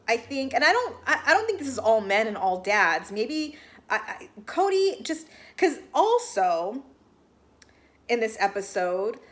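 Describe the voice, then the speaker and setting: A woman's voice: fairly high pitch, a bit bright. A woman giving a casual recap of a reality TV episode, chatty and full of "like", with exasperated asides. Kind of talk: casual reaction commentary.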